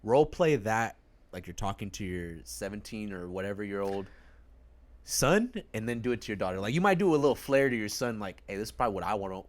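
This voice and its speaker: A man co-hosting a podcast in casual chat, telling animated stories and acting out family members. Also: fairly low pitch, fairly quick. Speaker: podcast co-host.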